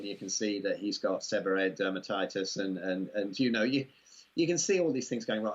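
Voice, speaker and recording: Englishman, husky voice, rambling chatty interview guest on a muffled lo-fi recording. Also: on the low side. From England. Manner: rambling, amused, full of "you know" asides. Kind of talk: casual conversational interview.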